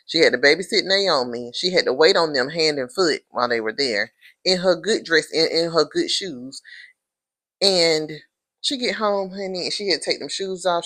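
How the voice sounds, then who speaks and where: A sassy woman talking through a TV episode in a casual recap, calling the listener honey and girl. Her voice sits fairly low but has a bright, forceful edge. She keeps it animated and jumps up into high-pitched takes on the characters. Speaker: TV episode reviewer.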